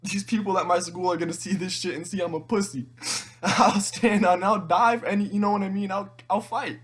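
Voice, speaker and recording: A teenage man in an emotional monologue to camera, tearful and halting, rambling with frequent restarts and swearing. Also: high voice, fairly even intonation, breathy edge. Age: teens. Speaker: vlogger.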